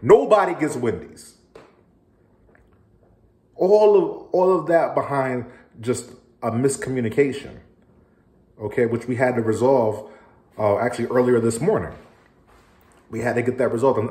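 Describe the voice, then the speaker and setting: Earnest male relationship coach, mid-pitched voice, roomy phone audio, casual tone. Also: darkish tone. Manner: earnest, repeats words, acts out quarrels in raised voice. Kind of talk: casual monologue to camera.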